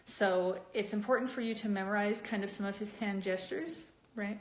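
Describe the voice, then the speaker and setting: Chatty animated woman streaming live. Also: moderate pace. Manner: chatty and animated, with many upward pitch jumps. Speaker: cosplayer hosting a live stream. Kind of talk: casual live-stream chat reading viewer comments.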